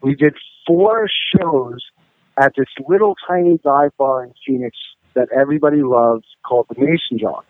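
A man's voice: mid-range voice, normal speed, no echo. A man, a rock musician as guest, telling rambling, profane stories full of fillers in a casual interview. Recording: tinny phone-line audio.

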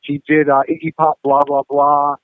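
A man's voice: on the high side, little pitch movement, moderate pace, dry recording. A man, a rock musician as guest, telling rambling, profane stories full of fillers in a casual interview. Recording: tinny phone-line audio.

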